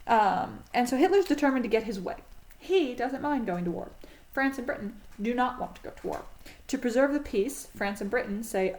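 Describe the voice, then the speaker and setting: A woman's voice: a little high, animated, moderate pace, darkish tone, a little hiss or hum, low-quality recording. A woman teaching a history class in a casual, chatty way, with frequent ums and self-corrections.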